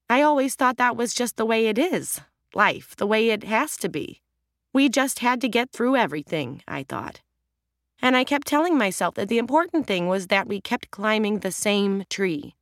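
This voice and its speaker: A woman's voice: fairly high pitch, no echo, studio quality, pitched above the performer's own voice. A woman reading an audiobook, voicing a middle-aged wife and mother who speaks in a reflective, earnest way.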